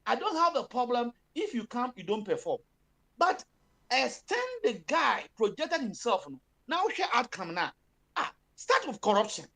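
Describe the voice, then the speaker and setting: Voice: medium pitch, sing-song, normal speed, vocal fry, pushed and bright. A speaker with a Ghanaian accent giving impassioned political commentary, switching between Twi and English with many fillers and emphatic bursts.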